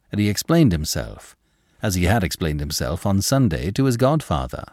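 A male narrator reading a classic novel aloud, measured and expressive. His voice sits low and moves through a lively range of pitch. The recording is dry and close, with no room sound. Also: dry recording. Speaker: audiobook narrator.

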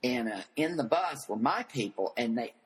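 An older man as an interview guest, telling animated stories and acting out the voices of the people in them. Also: medium pitch, normal speed, husky, rough recording. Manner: flamboyant storyteller who acts out quoted voices.

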